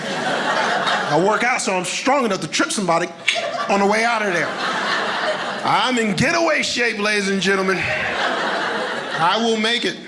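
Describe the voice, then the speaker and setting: A man with a notably high voice works a comedy stage, animated and breaking into loud bursts. Clear noise runs through the live recording. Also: unhurried. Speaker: stand-up comedian. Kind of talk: stand-up routine.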